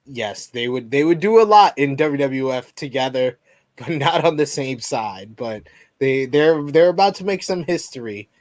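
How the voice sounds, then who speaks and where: A man co-hosting a casual podcast, making quick joking remarks and laughing along. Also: mid-range voice, animated, a little mellow, dry recording, studio quality. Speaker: podcast co-host.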